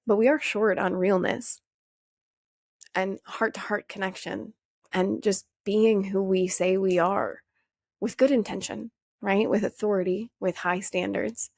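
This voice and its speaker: A young woman talks straight into a dry, close mic, her mid-pitched voice carrying a gravelly fry. She hosts a podcast in a casual, animated way, swearing freely and jumping up in pitch to act out questions she used to ask. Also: unhurried, pauses often, no echo. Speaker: podcast host. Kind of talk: casual motivational monologue.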